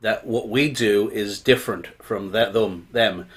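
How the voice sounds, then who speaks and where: A man co-hosting a live chat, relaxed and encouraging as he gives business advice. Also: fairly low pitch, measured pace. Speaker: co-host. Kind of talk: casual chat on a live show.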